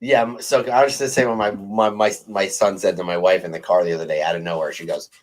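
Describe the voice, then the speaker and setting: A man co-hosting a live morning show, joking around and telling family stories in casual banter. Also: fast talker. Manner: excitable, jokey, lively swings in pitch.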